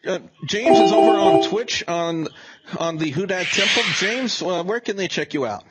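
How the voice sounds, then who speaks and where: A man's voice: high voice, lively intonation, normal speed, over loud music, rough recording. A man hosting a casual wrestling review chat, rambling and often restarting his sentences. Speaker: show host.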